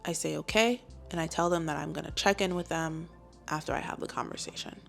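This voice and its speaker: A young woman, a clinical psychologist, chatting casually in a storytime video, full of fillers and lively quotes. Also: sits low, fast talker, creaky, faint music behind. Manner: chatty, lots of fillers, animated quoting.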